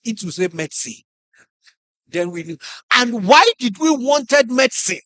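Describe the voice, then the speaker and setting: A middle-aged man with a Nigerian English accent giving a lively motivational talk to teachers, acting out classroom stories and putting questions to the audience. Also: extremely high pitch, moderate pace, dry recording. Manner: animated storyteller, acts out classroom scenes, asks the audience questions. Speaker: conference speaker.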